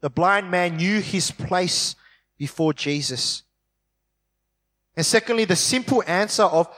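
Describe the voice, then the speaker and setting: A man preaches in a church hall, his voice sitting a little higher than most. He slows right down to press on key words. A long reverb rings behind him. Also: fairly bright tone. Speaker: pastor. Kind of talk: sermon.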